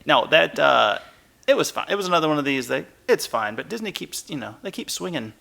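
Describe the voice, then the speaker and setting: A man's voice: on the high side, very animated, a little fast, creaky, bright, forceful tone. A man co-hosting a podcast in casual chat, rambling and laughing as he retells things. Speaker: podcast co-host.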